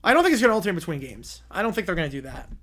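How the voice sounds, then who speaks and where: A man's voice: high-pitched, very animated, racing, a bit bright. A man hosting a live stream, chatting casually and rambling, often repeating himself. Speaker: streamer host.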